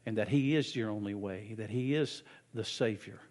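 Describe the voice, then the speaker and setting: A man preaching a sermon as pastor and leading a prayer in a reverent, earnest way. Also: lowish voice. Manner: slow, soft and reverent in prayer, loud and animated when telling a story.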